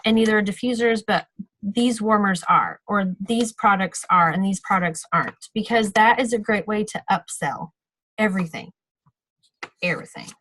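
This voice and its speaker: A woman's voice: mid-range voice, fairly bright tone, rough recording. A woman giving a casual, practical training talk on a video call, chatty and full of fillers and self-corrections. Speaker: sales team trainer.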